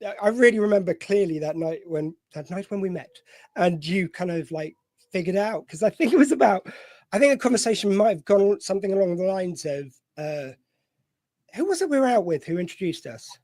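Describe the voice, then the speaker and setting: A man's voice: sits high, expressive, a little fast, darkish tone, no room sound. A man with a slightly posh voice who hosts a show. He chats casually and rambles, with many fillers and restarts. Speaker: host. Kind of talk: casual chat.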